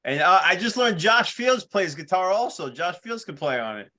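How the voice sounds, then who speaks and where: New York male co-host, jokey, laughs a lot, higher bright voice. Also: sing-song, normal speed. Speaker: podcast co-host. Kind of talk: casual podcast chat.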